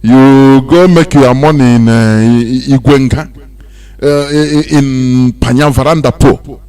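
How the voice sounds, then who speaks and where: A Nigerian man hosting a radio talk show, speaking in a loose, animated monologue that mixes in pidgin. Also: medium pitch, measured pace, clean tone. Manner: animated, mixing pidgin and laughing asides. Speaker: radio host.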